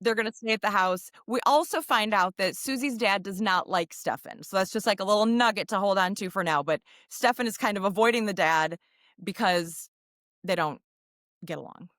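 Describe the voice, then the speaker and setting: A woman's voice: mid-range voice, normal speed, a bit bright, no room sound, studio quality. A woman co-hosting a podcast in casual chat, recapping a film's plot in a rambling way with lots of fillers. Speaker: podcast co-host.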